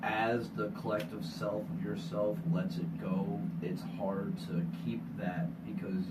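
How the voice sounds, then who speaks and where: A man's voice: on the low side, monotone, a little slow. A man in his twenties, a guest in a casual group discussion, rambling and trailing off. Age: 20s. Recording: echoey, distant, noisy room.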